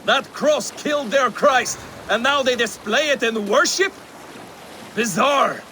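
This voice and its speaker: An actor playing a boastful, eager Viking warrior in a video game. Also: male voice, very high-pitched, animated, slow, bright, forceful tone, a little hiss or hum, heavily acted. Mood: brash. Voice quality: brash, boastful. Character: bloodthirsty, brash young Viking warrior.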